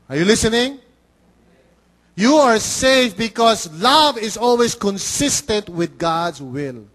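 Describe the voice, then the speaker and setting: High-voiced Filipino man preaching. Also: a little slow. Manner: animated, conversational, acts out quoted voices. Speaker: pastor. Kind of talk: bilingual sermon.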